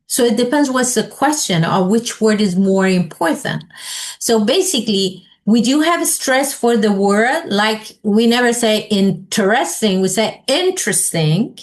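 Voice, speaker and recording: A woman leading a teacher training session, asking the group questions and modeling example sentences aloud. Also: on the high side.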